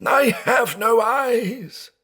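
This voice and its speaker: A man's voice: low-pitched, animated, measured pace. A man voicing a terrified old blind man who reasons anxiously, then breaks into frantic shrieks. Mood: shrieking. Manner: fearful, rising to frantic shrieks.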